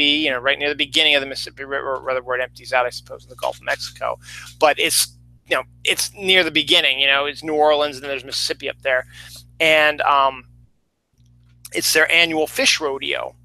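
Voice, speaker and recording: A man's voice: on the high side, fairly even intonation, fairly quick, creaky, sharp tone, smooth, no room sound, poor audio. A man giving a casual, rambling film review, full of fillers and restarts.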